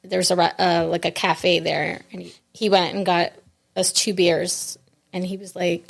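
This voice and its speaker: A grieving woman telling a personal story in an interview, reflective and halting, with many restarts. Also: fairly low pitch, steady tone, vocal fry. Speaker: podcast guest. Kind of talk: conversational interview.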